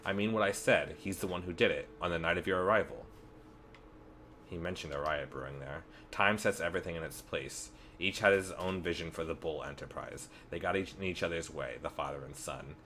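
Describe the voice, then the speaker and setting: Man reading mysterious girl changeling, cryptic, calm, quiet, low voice. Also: fairly quick, slight background noise. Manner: reads game dialogue aloud, quiet and cryptic.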